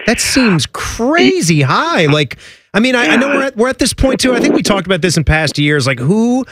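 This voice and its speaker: Lively-pitched man co-hosting radio. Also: no room sound, studio quality. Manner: musing, questioning. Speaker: radio co-host. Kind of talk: casual radio sports chat.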